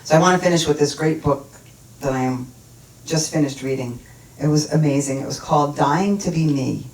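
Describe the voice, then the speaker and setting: A woman's voice: deep voice, brisk, darkish tone. A woman minister giving a sermon in a church, earnest and storytelling, with emphatic repetition. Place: church sanctuary. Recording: roomy hall, mic at a distance.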